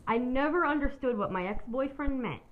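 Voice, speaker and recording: A woman's voice: sits high, lively intonation, normal speed, phone-quality sound, a little hiss or hum. Candid, rambling woman podcaster. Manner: candid, rambling, swears freely. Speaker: podcast host. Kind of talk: personal storytelling monologue.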